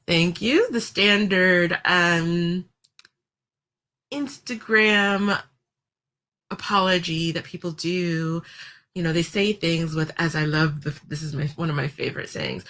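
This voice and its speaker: A woman with a somewhat low voice talks straight to camera in a casual commentary vlog. Her delivery is chatty and wry, broken by ums and quick laughs, speeding up when she gets worked up. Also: a bit bright. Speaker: vlogger.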